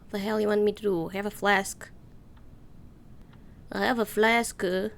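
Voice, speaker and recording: A woman gamer talking casually over her gameplay, swearing freely and breaking into excited squeals. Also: medium pitch, unhurried, gravelly, pauses often, slight background noise. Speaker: let's play gamer.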